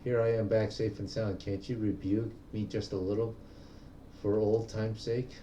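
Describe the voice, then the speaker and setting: A man's voice: lowish voice, level tone, normal speed, mellow, echoey room, recorded from a distance, slight background noise, lightly acted. A man reading as a spirited young woman. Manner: reads game text aloud in a plain voice.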